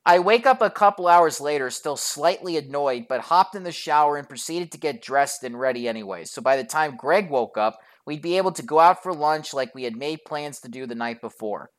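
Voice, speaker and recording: A woman's voice: deep voice, lively intonation, brisk, few pauses. A woman narrating a storytime vlog in a profane, sarcastic, exasperated way.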